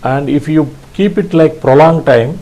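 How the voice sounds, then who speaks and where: Slow guy from india walking thru morse code, lots of uh's, low mellow voice. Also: low-quality recording. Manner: hesitant, many fillers and restarts, sounds out dits aloud. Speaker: ham radio instructor. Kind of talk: slow spoken tutorial.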